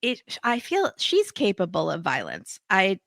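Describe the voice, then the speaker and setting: A woman hosting a podcast, recapping a reality show in casual chat, animated and laughing as she quotes people. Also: medium pitch, unhurried, vocal fry, no echo. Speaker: podcast host.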